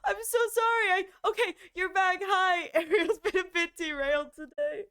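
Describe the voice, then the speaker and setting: Woman streamer with a very high voice, excitable and giggly, gushes thanks, shrieks in mock horror. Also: normal speed. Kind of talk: casual live-stream chat.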